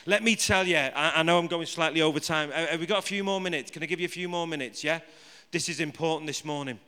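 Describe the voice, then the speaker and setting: A man's voice: fairly high pitch, fast talker, sharp tone, clear, resonant tone. A man preaching a live sermon to a congregation. He jokes with the room and keeps asking it rhetorical questions. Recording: reverberant hall.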